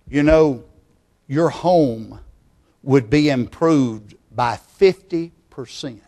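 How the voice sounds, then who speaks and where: A man preaching a sermon in an unhurried, deliberate way. His pitch sits in an ordinary middle range. He is earnest and pleading, and often sinks to a hushed, intimate tone to press his point. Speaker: pastor. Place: church.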